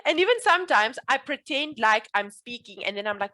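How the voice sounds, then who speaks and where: A woman's voice: a little high, lively intonation, fast, bright, forceful tone. A woman working as a speech coach in a one-on-one session, earnest and reassuring as she explains things. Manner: earnest, reassuring, repeats promises.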